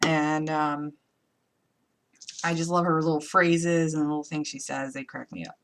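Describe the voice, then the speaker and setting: With an upstate New York accent, a woman hosts a live crafting tutorial, chatty and playful, thinking aloud as she talks through each step. Her voice is deep and her delivery flat, at a normal speed. A faint hiss or hum sits under the recording.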